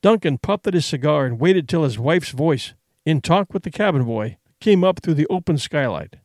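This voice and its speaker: A man reads a classic adventure story aloud with an animated, rising-and-falling delivery and a fairly high voice. His narration is measured and expressive, recorded close and dry with no room in it. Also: no echo. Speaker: audiobook narrator.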